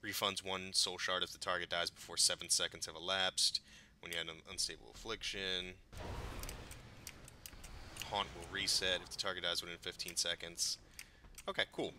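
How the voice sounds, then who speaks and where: A man casually commenting on his gameplay, excitable and profane, rambling between curses. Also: low voice, normal speed, pauses often, noisy background. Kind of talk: casual let's-play commentary.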